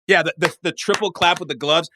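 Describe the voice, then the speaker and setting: A man talking in an animated, joking way on a podcast, often swearing. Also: fairly high pitch, a little fast, background noise. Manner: animated, profane, jokey. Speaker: podcast guest. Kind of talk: casual chat.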